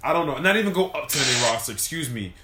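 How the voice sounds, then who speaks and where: A man's voice: on the high side, sing-song, racing, noisy background. A man co-hosting a podcast, chatting casually and animatedly about wrestling, often laughing and repeating himself. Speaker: podcast co-host. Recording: roomy echo.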